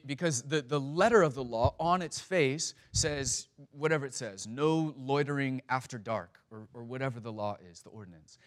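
A man giving a sermon as a pastor, speaking conversationally with many stammered restarts and fillers. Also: medium pitch.

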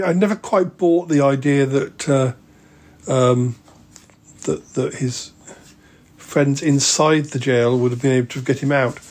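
A man's voice: mid-range voice, a little mellow. Hesitant man, mid voice. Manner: hesitant, stop-start, with many ums. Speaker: podcast host. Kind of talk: casual chat.

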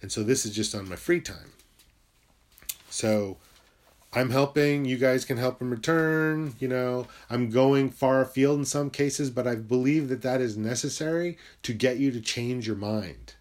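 A man in a middle register talks straight to the camera in a rambling, confessional way. He swears freely and is openly emotional, flaring into loud, heated bursts and then dropping to low muttering as he works through his thoughts. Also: measured pace. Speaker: self-help video maker and writer.

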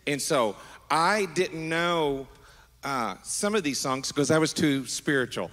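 A middle-aged man preaching as a pastor, animated and affectionate, wandering into asides with his congregation. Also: on the high side, a little slow. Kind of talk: sermon. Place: large church sanctuary. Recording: long hall reverb.

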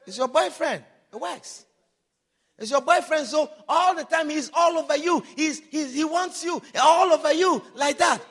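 Preacher guy with a really high voice, punchy and repetitive, keeps saying hallelujah. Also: normal speed. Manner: emphatic and repetitive, with exclamations of hallelujah; rises to loud, animated passages. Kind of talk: sermon.

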